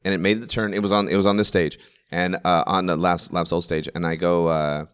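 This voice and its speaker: A comedian in his forties in casual chat, telling rambling stories in quick bursts with restarts and swearing. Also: deep voice, flat delivery, smooth. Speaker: stand-up comedian.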